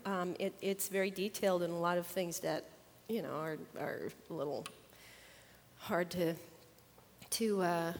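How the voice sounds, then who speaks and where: An older woman, a grandmother, chatting about her grandchildren and then teaching a Bible lesson, animated and laughing as she tells stories. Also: fairly low pitch, measured pace, pauses often, in a large hall. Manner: chatty, animated, acts out children's voices with laughter. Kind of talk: casual storytelling and Bible lesson.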